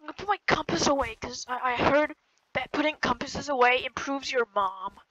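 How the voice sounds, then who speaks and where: Woman gamer, high and bright, hyper, jokey play-by-play commentary. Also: brisk, poor audio. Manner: excitable, jokey, yells at the game. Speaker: gaming YouTuber. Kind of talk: live gameplay commentary.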